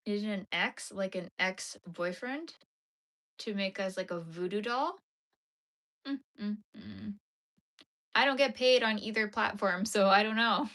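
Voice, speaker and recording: A young woman hosting a casual crochet livestream from her home, chatting with viewers and sometimes dropping into soft murmurs and whispers. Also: mid-range voice, unhurried. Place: home crafting room.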